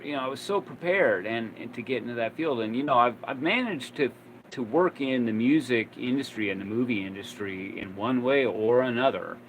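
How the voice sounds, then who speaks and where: A man's voice: mid-range voice, a bit bright, slight background noise, poor audio. Rambling man telling old stories. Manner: rambling, many fillers and restarts. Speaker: vlogger. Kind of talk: casual storytelling.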